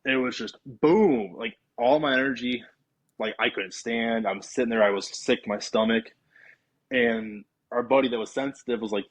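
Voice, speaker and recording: This podcast guest has a mid-range voice and a moderate pace as he casually tells a long story. He's an animated storyteller, acting out what he and his friends said.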